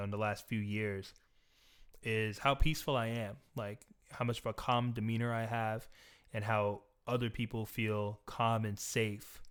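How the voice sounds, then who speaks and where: A young man telling a personal story in a reflective, earnest, soft-spoken way. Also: on the low side, clean tone.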